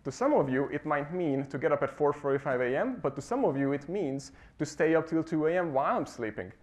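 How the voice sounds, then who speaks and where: A man on a conference stage delivers a motivational talk to a live audience. His voice sits slightly high, and he tells lively stories, acting out the quotes and laughing at his own jokes. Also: a little fast. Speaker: conference speaker.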